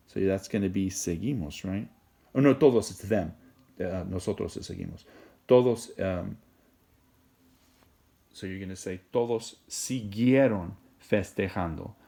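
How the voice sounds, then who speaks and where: A man teaches Spanish in a recorded video lesson, explaining in a relaxed, rambling way and checking in with "okay?" and "right?". His voice is on the low side, with vocal fry.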